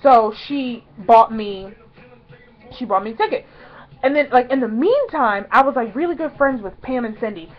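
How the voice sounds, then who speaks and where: A young woman vlogger telling a story in a casual, chatty way, excitedly acting out quotes in higher voices. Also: moderate pace, highs cut off.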